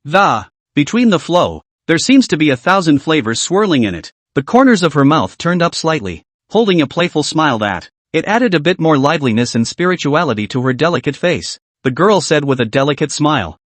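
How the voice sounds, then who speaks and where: A man's voice: fairly high pitch, sing-song, moderate pace, hardly any pauses, dry recording. A man narrating a fantasy comic recap, reading with small restarts.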